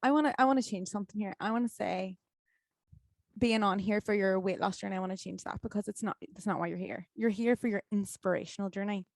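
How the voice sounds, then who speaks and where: A woman's voice: mid-range voice, fast talker, vocal fry, no echo. A woman, hosting a podcast and encouraging her guest in casual chat. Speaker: podcast host.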